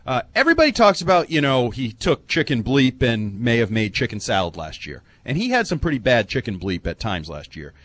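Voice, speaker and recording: A man hosting a sports talk radio show, talking in quick, joking banter. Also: medium pitch, huge pitch swings, a bit bright, no echo.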